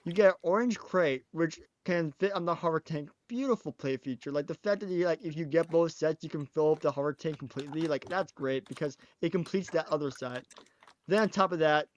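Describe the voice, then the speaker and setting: A man hosting a casual podcast chat, excitable and tripping over his words with frequent restarts. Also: on the high side, fairly quick, no room sound, muffled recording. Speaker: podcast host.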